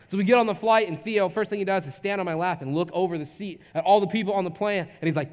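A man's voice: sits high, quick pace, few pauses. A young man, a youth pastor, telling a personal story in a casual, chatty sermon full of fillers. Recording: long hall reverb.

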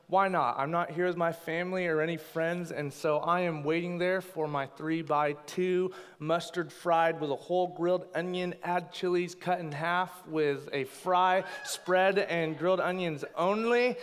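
A man in his thirties delivers a sermon as a pastor, weaving personal stories with playful asides. His voice is smooth and resonant and sits a little high. The sound carries a long reverb from a large hall. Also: steady tone, unhurried, hardly any pauses.

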